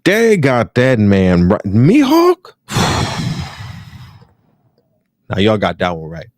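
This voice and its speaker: Podcast host: American man, African American English accent, lively swooping pitch, dry close sound, casual profane rant. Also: slow pace, dry recording. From United States. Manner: animated, profane, repeats phrases for emphasis. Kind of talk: casual ranting commentary.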